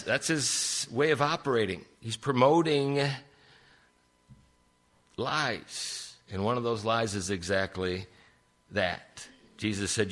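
An older man preaching a sermon, telling stories with big swings in pitch for emphasis. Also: a bit bright.

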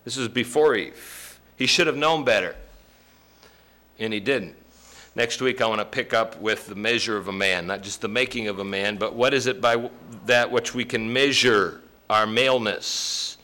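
A man preaching a sermon, joking with the congregation and breaking into loud emphasis. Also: lowish voice, normal speed. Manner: folksy, joking asides with sudden loud emphasis. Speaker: pastor.

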